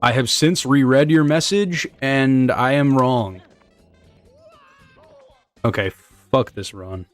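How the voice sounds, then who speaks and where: A man's voice: medium pitch, slow, pauses often, dry recording, faint music behind. A young man chatting loosely with his live chat while speedrunning, rambling and joking and swearing casually as he reads messages. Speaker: streamer.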